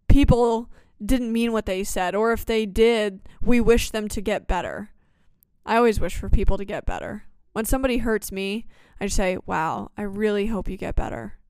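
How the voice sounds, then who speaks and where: A young woman hosting a solo podcast, talking in an earnest, thoughtful way with slow, deliberate phrases. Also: mid-range voice, clean tone, dry recording, studio quality. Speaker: podcast host. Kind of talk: reflective solo podcast talk.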